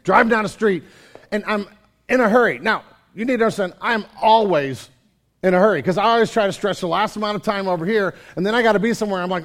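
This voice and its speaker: A male pastor preaching at a church service, his voice sitting a little high. He talks conversationally and keeps asking the congregation questions. He acts out his own grumbling prayers to God with animated energy. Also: quick pace. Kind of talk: sermon.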